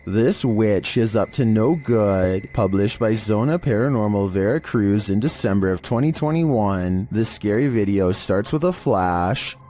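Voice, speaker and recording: A man narrating creepy internet videos in a steady, monotone scripted delivery. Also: on the low side, a little slow, few pauses, soft background music.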